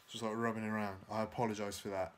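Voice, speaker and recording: A young man rambles through a casual home vlog, inside and outside, mocking himself and using many fillers. He talks fast in a lowish voice with little pitch movement. The handheld camera at arm's length catches slight background noise.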